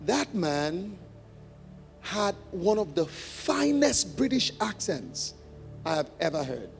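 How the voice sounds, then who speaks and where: High-voiced male pastor in an echoing hall. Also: big pitch swings, slow pace, gravelly. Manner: conversational, laughs often, repeats for emphasis. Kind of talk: teaching sermon. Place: church hall. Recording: long church reverb, faint music.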